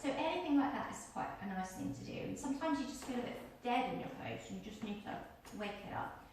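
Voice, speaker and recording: A woman's voice: a little high, expressive, fast talker, a little mellow, slight background noise. A woman teaching a workshop on using the voice, chatty and encouraging as she demonstrates exercises aloud to a group. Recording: very echoey room, voice from far off.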